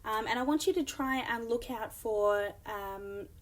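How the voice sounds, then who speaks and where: A woman teacher with a slightly high, unhurried voice explains a lesson in a recorded classroom session. She reads examples aloud and fills her explanation with frequent ums.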